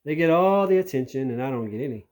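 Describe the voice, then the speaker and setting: A man voicing an excitable, imaginative little girl, reading a children's storybook aloud in a high, bright telling. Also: fast, natural voice. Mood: eager.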